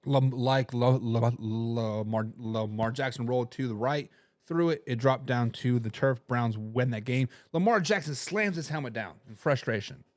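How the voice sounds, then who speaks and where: A man's voice: mid-range voice, normal speed, a little mellow, no room sound. A man hosting a sports talk show, chatting animatedly and rambling while addressing viewers directly. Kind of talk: casual sports commentary.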